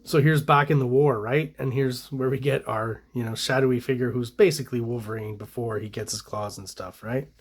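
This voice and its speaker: A Canadian man and comic artist giving relaxed, rambling commentary on comic art, with frequent fillers and restarts. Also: medium pitch, brisk, hardly any pauses.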